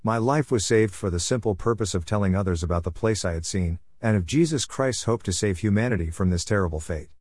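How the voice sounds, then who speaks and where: Male narrator, lowish pitch, earnest measured testimony read, dry close sound. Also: a little mellow, breathy edge, dry recording. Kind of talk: scripted voice-over narration.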